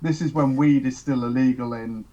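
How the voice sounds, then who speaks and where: A man's voice: mid-range voice, fairly even intonation, normal speed, warm tone, lo-fi sound, slight background noise. A man, a touring musician, telling rambling road anecdotes on a podcast, laughing and quoting people as he goes. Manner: rambling, laughs through anecdotes, quotes others. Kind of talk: casual podcast storytelling.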